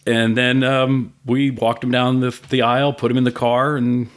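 A middle-aged man in casual conversation, telling an animated story with swearing and acted-out voices. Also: mid-range voice, normal speed. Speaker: guest, food business owner.

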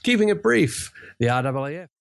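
A man's voice: sits high, big pitch swings, a little fast, gravelly, no echo, clean studio sound. A man co-hosting a podcast, flustered and giggly. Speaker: podcast co-host. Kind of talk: casual banter.

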